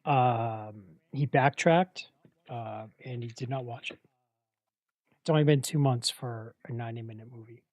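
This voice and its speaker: A man's voice: mid-range voice, measured pace, a little mellow, no echo. A man co-hosting a livestream, chatting casually and teasing the others. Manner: teasing, insistent. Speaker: co-host.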